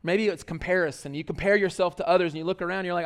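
A man's voice: a little high, quick pace, vocal fry, few pauses. A man preaching a sermon in a loose, conversational way, full of fillers and restarts. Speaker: pastor.

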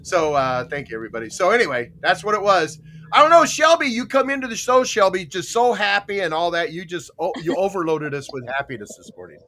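A man's voice: sits high, lively intonation, fairly quick, pushed and bright, slight background noise. An older man hosting a casual morning show, rambling through stories with chuckles and repeated phrases. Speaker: host.

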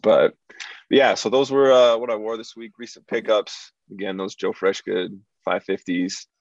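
A man talks in a loose, easygoing way on a casual podcast, his voice sitting low. The sound is dry with little room to it. It comes across slightly muffled. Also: fairly even intonation, normal speed, no echo. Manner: laid-back, loose, full of "like". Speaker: podcast participant.

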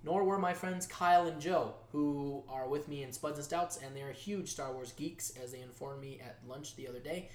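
A man hosting a casual news-style show, jokey and animated, his voice jumping from loud outbursts to quiet asides. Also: a little high, normal speed, few pauses. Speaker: show host. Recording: echoey room.

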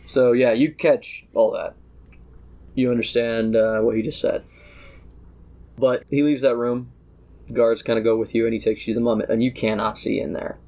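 A man narrating as game master in a casual tabletop session, talking quickly with restarts. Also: medium pitch, steady tone, warm tone. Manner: quick, restarting, laughs often.

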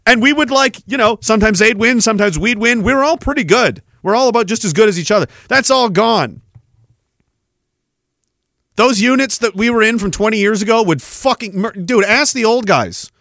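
A man's voice: high-pitched, lively intonation, normal speed, a bit bright, no room sound, clean studio sound. A man, hosting a podcast in a profane, sarcastic ranting monologue. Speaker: podcast host.

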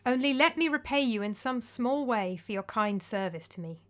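A woman voicing an elderly male priest who is kindly but quick to lose patience, speaking earnestly in a storybook reading. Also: fairly high pitch, expressive, a bit bright. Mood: exasperated. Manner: earnest, rising to indignant.

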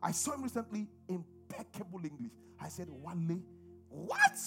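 A man's voice: high-pitched, animated, brisk, soft background music. A middle-aged man with a Nigerian accent preaching a sermon and calling on the congregation to respond. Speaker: pastor.

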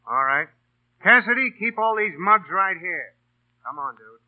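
A gruff, skeptical police captain with dry sarcasm and a fairly high voice. It is heard through a scratchy 1930s radio broadcast. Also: male voice, animated, a little slow, narrow, tinny audio. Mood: stern.

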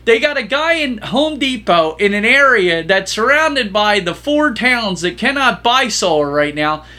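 His voice sits high and moves a little slowly. Co-hosting a laid-back podcast chat, he spins lively stories and performs the exchanges he's quoting.

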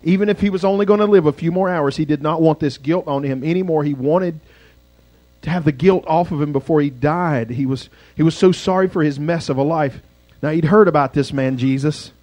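A male pastor telling a dramatic story in a sermon, swinging from loud passages to hushed ones. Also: on the high side, a little fast, dry recording.

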